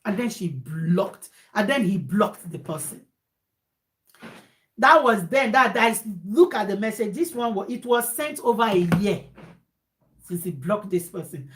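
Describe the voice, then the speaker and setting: A woman's voice: medium pitch, expressive, measured pace. A woman, giving casual relationship advice in an emphatic, repetitive way and slipping into pidgin. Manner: emphatic, repeats phrases, switches into pidgin. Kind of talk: casual monologue.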